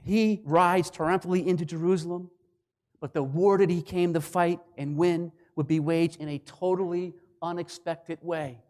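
Emphatic male preacher, slightly high voice. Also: fairly even intonation, moderate pace. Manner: emphatic, swinging between loud declarations and hushed lines. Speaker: pastor. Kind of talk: sermon.

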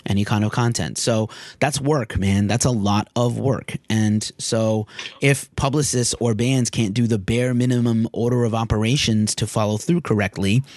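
A man's voice: mid-range voice, darkish tone, dry recording. A man who is a music journalist and podcast host, talking candidly in casual podcast chat, frank and a little exasperated.

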